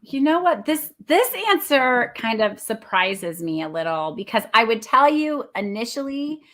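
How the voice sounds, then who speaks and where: A woman guest on a casual business podcast, talking in an animated way, acting out quotes and laughing often. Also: fairly high pitch, unhurried. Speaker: guest, playwright and theater founder.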